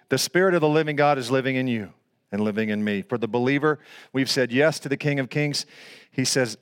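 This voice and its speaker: A man in his sixties preaching a sermon, swinging from loud, excited storytelling to hushed, almost whispered moments, with casual slangy asides. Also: mid-range voice, brisk. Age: 60s. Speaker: pastor.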